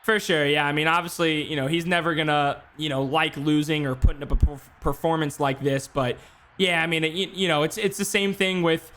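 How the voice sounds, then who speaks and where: Man, play-by-play caller, simulated football stream, bright voice, slightly high pitch. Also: steady tone, slight background noise. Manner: rapid play-by-play, filler-heavy asides. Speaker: play-by-play commentator. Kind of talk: esports sim football commentary.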